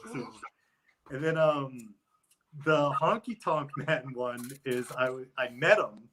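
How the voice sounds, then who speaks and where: A man's voice: medium pitch, takes it slowly, a bit bright, slight background noise, low-quality recording. A man talking loosely as an interview guest, rambling with lots of filler words. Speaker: guest, wrestler. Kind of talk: casual interview chat.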